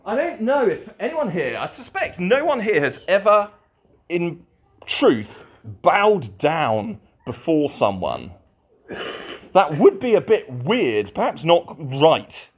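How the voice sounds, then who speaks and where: A man's voice: fairly high pitch, wildly swooping pitch, slow, breathy edge, dull audio. A man preaching a sermon to a congregation, with playful asides.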